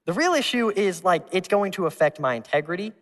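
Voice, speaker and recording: A male pastor preaching a sermon, telling a personal story in a lively way, acting out voices and laughing along. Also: high-pitched, fairly quick. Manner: animated, acts out voices, laughs at his own story. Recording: long reverb in a large hall.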